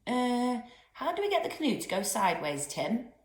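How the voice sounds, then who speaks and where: A woman's voice: fairly high pitch, very animated, moderate pace, voice pushed up. A woman voicing a goofy, cheerful schoolboy who jokes and giggles. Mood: playful. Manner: jokey, giggly and playful. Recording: roomy echoey room.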